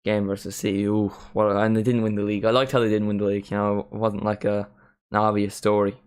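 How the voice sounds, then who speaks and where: A man's voice: fairly low pitch, level tone, quick pace, a little mellow, clean tone. Rambling young man commentating football. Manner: rambling, many "like" fillers, sings along at times. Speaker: football watchalong streamer. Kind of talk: casual live commentary and chat.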